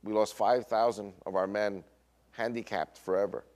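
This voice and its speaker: Emphatic man lecturing in a low voice. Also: fairly even intonation, a little mellow. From Israel. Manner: emphatic, stresses key words slowly. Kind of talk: recorded lecture talk.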